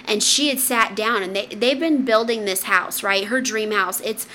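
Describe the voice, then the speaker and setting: Woman podcast host, bright voice, swears a lot, slight hiss in the background. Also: mid-range voice, normal speed. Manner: profane, animated storyteller. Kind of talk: casual chat.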